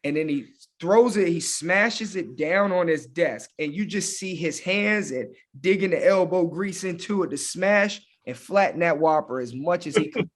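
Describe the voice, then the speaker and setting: A man's voice: sits high, moderate pace, few pauses. A man from Hampton, Virginia, a football coach, telling a story casually with frequent fillers. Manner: animated, laughing, with lots of fillers like "man" and "you know". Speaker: high school football coach, guest.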